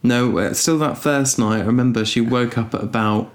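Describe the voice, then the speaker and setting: A man's voice: medium pitch, fairly even intonation, moderate pace. Young British man, podcast co-host, easygoing and wry. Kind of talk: casual chat.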